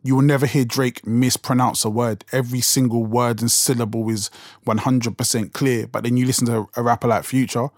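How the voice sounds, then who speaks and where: A man's voice: medium pitch, flat delivery, a little fast, dry recording, clean studio sound. A young man with a London accent, talking casually as a podcast host, rambling with restarts and fillers. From England. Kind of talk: casual solo talk.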